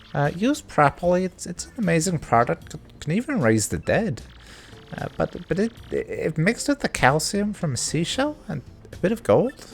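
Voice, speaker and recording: A man's voice: high voice, gravelly, pitched above the performer's own voice, full character voice. A man voicing a nervous, stammering businessman in a video game. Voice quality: stammering, anxious.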